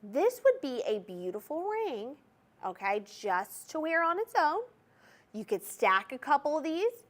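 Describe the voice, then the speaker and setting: A woman's voice: high-pitched, sing-song, unhurried. A woman with a Southern US accent hosting a TV shopping show, gushing in chatty sales patter to viewers from a studio on a lapel mic. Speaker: shopping channel host. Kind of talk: live TV shopping presentation.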